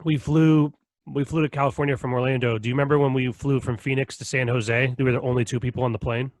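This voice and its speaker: A young man co-hosting a podcast, telling stories in an animated, profane way with frequent laughs. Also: mid-range voice, fast, no echo. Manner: animated storytelling, heavy swearing and laughter. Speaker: podcast co-host. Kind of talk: casual chat.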